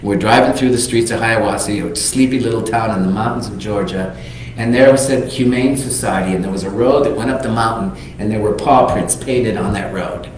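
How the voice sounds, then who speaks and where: A man, a minister, telling a personal story in a sermon as a lively storyteller who acts out the people he quotes. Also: lowish voice, brisk, slight background noise. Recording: very echoey hall.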